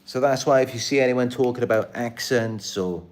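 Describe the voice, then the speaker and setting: A man's voice: mid-range voice, normal speed. A man hosting his own channel, talking to camera in an earnest, repetitive, aggrieved live-stream monologue. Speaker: channel host.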